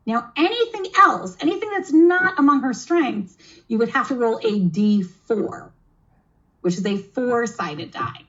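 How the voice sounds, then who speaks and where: A woman with a slightly high voice runs a tabletop adventure for kids as game master. She explains the rules in a chatty, teacherly way and encourages her player. The sound is dull and lo-fi, like a video call. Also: animated, measured pace, fairly bright tone. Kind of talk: explaining and running a kids' tabletop game demo.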